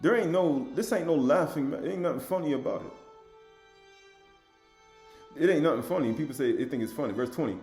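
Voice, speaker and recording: A man giving an informal sermon, reading scripture in a raised voice and then commenting in a lower, emphatic, repetitive way. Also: animated, fairly quick, pauses often, a little mellow, echoey room, faint music behind. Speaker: religious lecturer.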